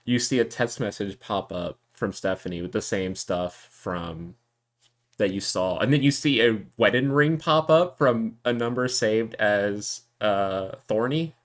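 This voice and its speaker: A man narrating as game master of a tabletop game, telling the scene to the players in a relaxed, second-person way. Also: fairly low pitch, unhurried.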